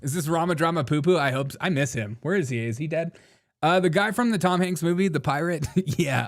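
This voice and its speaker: A man's voice: a little high, a little fast. A man hosting a live commentary show, talking casually in a mocking way, laughing often and saying "dude". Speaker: host.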